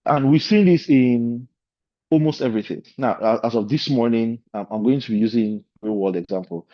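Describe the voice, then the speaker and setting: A man with a mid-range voice gives an informal lecture to a leadership course at a moderate pace, drifting into loose, discursive asides. The recording is dry, slightly dull and lo-fi.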